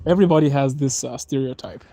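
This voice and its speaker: A man's voice: medium pitch, fast, mellow, low-quality recording. A man chatting casually on a live stream from his phone, laughing often and calling his viewers dude and bro. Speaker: livestream host. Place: outdoors on a snowy street.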